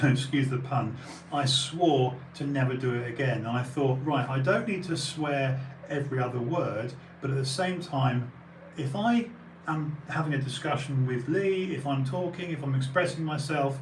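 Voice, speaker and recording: A man's voice: medium pitch, roomy sound, distant mic, a little hiss or hum, poor audio. A British man who runs an auction house, chatting casually in a rambling way with many fillers and restarts. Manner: rambling, full of fillers and restarts, bursts of emphasis. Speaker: auction house owner and live streamer. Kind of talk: casual podcast conversation.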